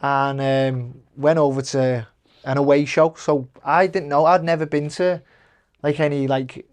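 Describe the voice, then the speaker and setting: A man's voice: on the high side, steady tone, a little slow. A young man, a guest telling stories in casual podcast chat, rambling with fillers and restarts. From England. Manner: rambling, with many fillers and restarts, acting out quoted voices, laughing often. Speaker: guest, professional boxer.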